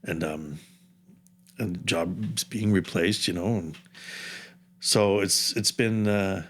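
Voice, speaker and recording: Man, 50s, somewhat low-pitched; casual, wandering storyteller who doubles back mid-thought. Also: slow pace. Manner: rambling, jumps around in time with asides. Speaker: underwater camera operator, podcast guest.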